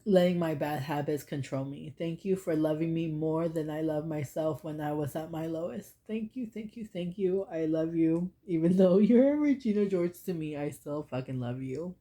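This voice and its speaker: A woman's voice: deep voice, moderate pace, few pauses, warm tone. A woman in her thirties giving a casual, heartfelt oracle card reading, rambling and filling her talk with "like". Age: 30s. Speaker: tarot and oracle card reader.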